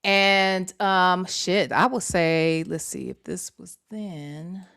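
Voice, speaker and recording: A woman's voice: lowish voice, steady tone, takes it slowly, fairly bright tone, smooth. A woman hosting a casual livestream, talking to her audience in a chatty way, full of slang and swearing. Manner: chatty, swears freely, lots of slang and "y'all". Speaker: host.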